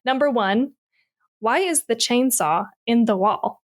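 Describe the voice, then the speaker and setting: A woman's voice: on the high side, unhurried. A woman co-hosting a horror movie podcast in casual chat, ranting sarcastically with swearing and frequent laughs. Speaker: podcast co-host.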